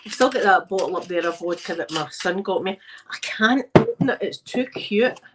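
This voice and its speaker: Middle-aged woman, broad Glaswegian Scottish accent, mid-pitched, chatty and joking casual vlogger. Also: animated, moderate pace, background noise. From Scotland. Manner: chatty and playful, laughs at her own jokes. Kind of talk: casual chat vlog.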